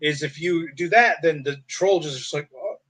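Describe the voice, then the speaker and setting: Casual co-host, somewhat high-pitched man, animated, profane, does voices. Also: moderate pace. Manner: animated storyteller, acts out quotes in a high voice, swears. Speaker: podcast co-host. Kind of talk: casual chat.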